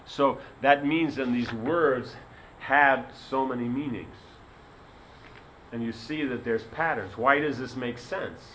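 A man's voice: mid-range voice, slow, a bit bright, a little hiss or hum, rough recording. Rambling male spiritual teacher. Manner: rambling, many fillers like "you know". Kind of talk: sermon with a told story.

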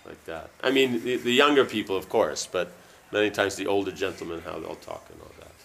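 Man, lowish voice, reading a book aloud, rambling asides with fillers. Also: vocal fry, a bit bright, a little hiss or hum. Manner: loose, halting asides full of fillers. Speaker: reader.

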